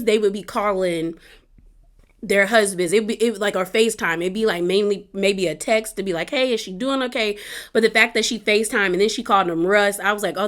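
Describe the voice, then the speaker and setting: A woman's voice: medium pitch, fairly bright tone. Woman vlogger, casual recap delivery, rambling with fillers and restarts, open and personal. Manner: heartfelt, personal asides.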